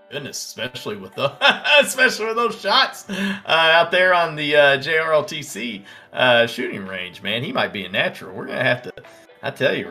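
Brief: male livestream host, Southern American accent, bright, forward voice, chatty market commentary over faint music. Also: lowish voice. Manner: excitable, reads out tickers and prices, answers chat. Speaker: stock trading livestream host. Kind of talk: casual live market commentary.

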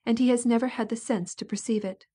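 A woman's voice: on the high side, fairly even intonation, quick pace, dark tone, breathy edge, voice pushed up. A woman voicing a proud, resentful princess who speaks sharply and feels wronged. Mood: bitter, indignant. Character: proud bitter princess, middle-aged woman.

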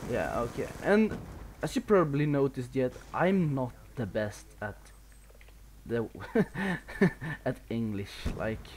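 A Swedish man with a Swedish accent gives casual live commentary while he plays a video game, sounding a bit nervous, swearing and laughing at himself. His mid-range voice swings widely in pitch, with a slow pace and a darkish tone.

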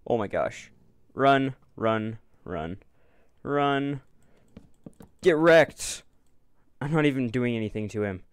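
A man giving let's-play commentary on a video game, swinging from panicked yelling to calm, unhurried remarks. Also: mid-range voice, smooth, no room sound. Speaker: gaming video creator.

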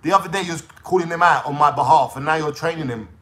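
A man's voice: a little high, fast talker, bright, forceful tone. Angry, swearing London man on a rant. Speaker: YouTuber ranting to viewers. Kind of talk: heated monologue.

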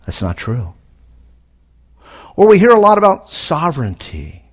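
A middle-aged man preaching a sermon at a conference, animated, with sudden loud emphatic rises. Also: a little high, moderate pace, pauses often, husky. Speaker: pastor. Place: conference hall.

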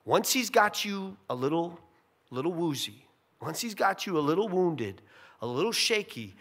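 A male pastor preaching a sermon in an animated, conversational way with jokey asides. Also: a little high, moderate pace.

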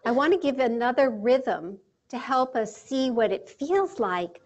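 Calm woman guiding a mindfulness talk. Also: on the high side. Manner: calm, slow and measured, with deliberate pauses. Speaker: speaker leading a mindfulness exercise. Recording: dull lo-fi sound with faint music.

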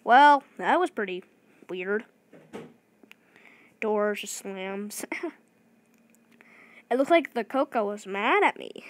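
A woman giving excited gameplay commentary, talking fast and restarting her sentences often. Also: medium pitch. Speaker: gaming video creator.

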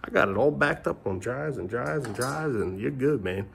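Gravelly middle-aged man ranting to camera. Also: mid-range voice, animated, normal speed, fairly bright tone, slight background noise. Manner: rambling, repeats himself, swears. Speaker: family vlogger. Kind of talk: frustrated rant to camera.

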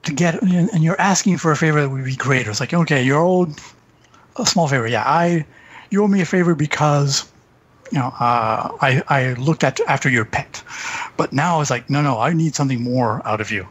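A man talking casually as a podcast guest, halting and restarting his sentences. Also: on the high side, slightly rough, dull audio. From Canada. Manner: halting, restarts often, chuckles. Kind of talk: casual chat about tabletop games.

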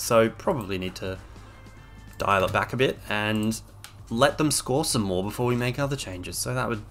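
A man's voice: lowish voice, fairly bright tone. A young man commentating on his own gameplay, exasperated and sarcastic, ranting at a desk microphone. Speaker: game streamer.

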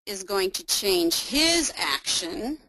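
A woman presenting a webinar, walking listeners step by step through a software demo in an upbeat, explaining manner. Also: medium pitch, big pitch swings, slow pace, no room sound, rough recording.

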